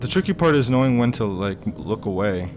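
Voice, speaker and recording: A man's voice: fairly low pitch, big pitch swings, fairly quick, noisy background. A young man giving casual let's-play commentary on a horror game, reacting aloud with gasps and plenty of fillers. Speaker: gaming YouTuber.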